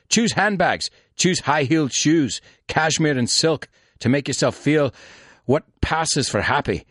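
A man's voice: medium pitch, fairly bright tone, no echo, studio quality, lightly acted. A man putting on a bitter Scottish ranter. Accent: put-on Scottish. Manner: rhythmic, scornful list-like delivery. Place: studio.

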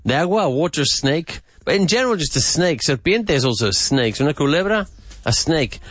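A man hosting a podcast vocabulary lesson, repeating words slowly and with emphasis. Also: a little high, expressive, fairly bright tone, no room sound. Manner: slow, emphatic repetition of words. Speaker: English teacher and podcast host.

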